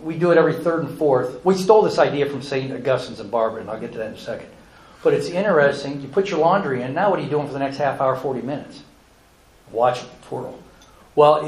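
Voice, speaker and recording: A man giving a folksy, earnest presentation about charity work, telling stories to an audience. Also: a little high. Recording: echoey room with faint ambience.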